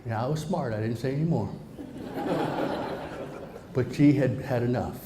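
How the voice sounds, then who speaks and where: Speaking in an unhurried, mid-range voice, a middle-aged motivational speaker shares a funny personal tale with a live audience. He's folksy and joking, addressing the crowd directly, and there's roomy hall reverb with a bit of noise.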